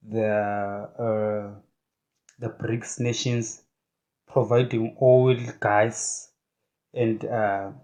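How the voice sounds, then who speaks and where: Male political commentator, unhurried, halting, fired-up opinions. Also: mid-range voice, a little mellow. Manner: halting, many filler sounds; indignant, rhetorical questions.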